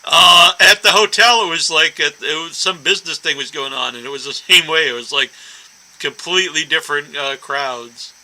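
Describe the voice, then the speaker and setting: A man's voice: a little high, normal speed, sharp tone, poor audio. A man hosting a horror podcast, telling stories in a loose, rambling way and laughing often. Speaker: podcast host. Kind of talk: casual chat.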